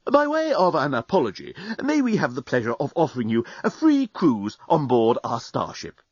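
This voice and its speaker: A courteous robot steward, put on by a male audiobook reader, who speaks with a polished, soothing politeness. The read sounds dry and slightly muffled. It has a lively, varied pitch. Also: normal speed, no room sound. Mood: polite. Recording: dry, dull studio recording.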